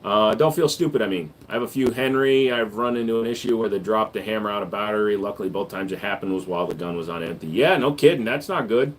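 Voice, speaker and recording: A man hosting a casual livestream, answering viewer questions with a relaxed, joking manner that gets louder when he hypes up the chat. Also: lowish voice, quick pace, few pauses. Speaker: livestream host and gun store owner.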